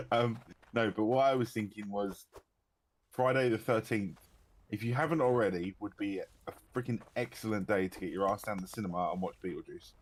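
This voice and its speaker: A man's voice: lowish voice, moderate pace, a little hiss or hum. A man from the UK, teasing his friend and laughing while they chat over a game. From United Kingdom. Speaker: co-player. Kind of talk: casual gaming chat.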